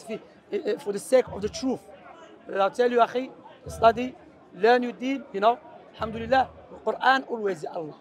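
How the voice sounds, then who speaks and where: High-voiced man preaching outdoors in a debate. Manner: earnest, animated and persuasive, sprinkled with Arabic phrases. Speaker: street preacher. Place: busy outdoor public space.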